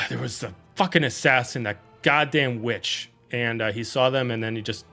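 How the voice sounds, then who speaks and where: A brash woman druid who swears freely and rambles through her explanations, as a man plays her. The voice is bright and forceful, with faint music behind it. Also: mid-range voice, normal speed. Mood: brusque. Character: brash casual woman druid, bird owner.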